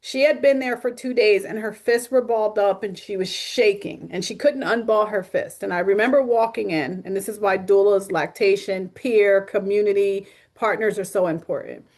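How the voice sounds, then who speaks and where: A woman speaking as a guest on a video call. She is a social worker who talks in a humorous, down-to-earth way. Her pitch sits in the middle of the range. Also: normal speed, hardly any pauses. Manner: lively storytelling with acted quotes; humorous and realistic. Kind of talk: webinar talk.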